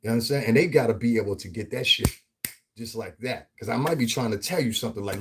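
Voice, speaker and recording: A man from the Northeastern United States giving a casual, profane commentary rant as a vlogger, animated and often laughing. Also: mid-range voice, fast talker, slight background noise.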